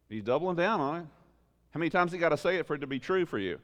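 A pastor delivers an animated sermon in a fairly high, lively voice, peppering it with rhetorical questions. He swings from loud emphasis to hushed asides, and his voice rings with a long reverb from a large hall. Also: quick pace.

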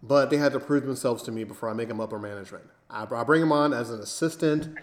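A man's voice: medium pitch, fast talker. A man hosting a podcast, casually setting up jokes and playful scenarios for his co-host. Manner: playful storyteller, sets up jokes. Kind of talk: casual chat.

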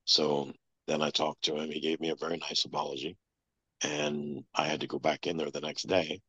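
A man telling a long personal story as an interview guest, in a flat, matter-of-fact way. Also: a bass voice, normal speed, gravelly, husky, dry recording. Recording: dull lo-fi sound.

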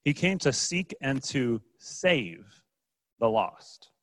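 A man's voice: medium pitch, sing-song, takes it slowly, dry recording, poor audio. A man preaching a conversational sermon as pastor, asking the congregation questions and pointing to objects as he talks. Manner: casual, asks the congregation rhetorical questions, uses props.

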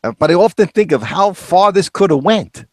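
A man in casual conversation, spinning anecdotes and acting out the people in them. His voice sits a little high and moves with lively swings in pitch. The recording is close and dry, with no room sound. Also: normal speed, no room sound. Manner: storytelling, chuckling, acts out quoted voices. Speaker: co-host. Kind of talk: casual chat.

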